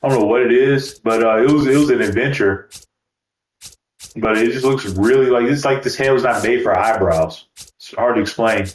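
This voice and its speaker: A man's voice: mid-range voice, normal speed, a little hiss or hum. A man talks through a baseball video game in a loose, joking way, cursing now and then. His voice sits in a middle range. The room around him is echoey. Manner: loose, joking, swears casually. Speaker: gaming YouTuber. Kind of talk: casual gameplay commentary.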